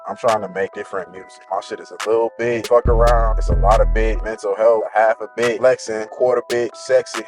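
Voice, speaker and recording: Young male rapper, deep voice, laid-back profane vlog ramble from his car, hip hop bed underneath. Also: fairly even intonation, a little fast, hardly any pauses. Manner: laid-back, rambling, profane, half-singing some phrases. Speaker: rapper and vlogger. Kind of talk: casual vlog monologue. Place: inside a car. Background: hip hop music.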